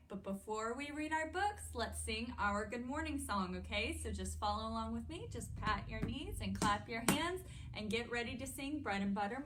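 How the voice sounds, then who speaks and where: A young adult woman hosting a children's story time, animated and playful as she talks to the kids. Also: a little high, slight background noise.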